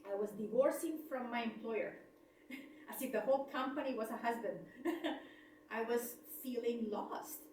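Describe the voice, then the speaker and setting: Middle-aged woman speaker, expressive storyteller who acts out scenes; slightly high voice, recorded from a distance in an echoey room with faint background noise. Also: unhurried. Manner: expressive, laughs often, acts out dialogue. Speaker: speaker on layoffs. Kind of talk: personal storytelling talk.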